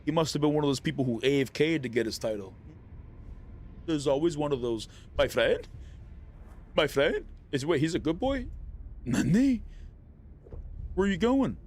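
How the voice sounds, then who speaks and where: A man's voice: fairly high pitch, sing-song, moderate pace, long pauses, a little mellow, a little hiss or hum. A man streaming a live game, chatting casually and teasing the players he fights. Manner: playful, taunting, talks to enemy players. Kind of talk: live gameplay commentary.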